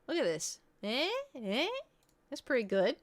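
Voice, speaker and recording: A woman's voice: fairly high pitch, big pitch swings, measured pace, a little hiss or hum. A young adult woman chatting casually on a gaming stream, rambling to chat and her pet.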